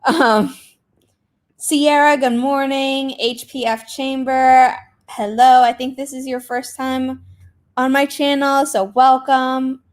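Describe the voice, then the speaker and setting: This livestream host is a young woman with a high voice that moves little in pitch, and she takes things slowly. Chatty and full of fillers, she greets viewers during casual talk on a writing sprint stream.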